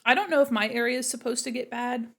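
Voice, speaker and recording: A young woman, an art streamer, chats casually from home and giggles while eating, talking with her mouth full. Her voice is a little high, quick, creaky and a bit bright, and her mic sits away from her face.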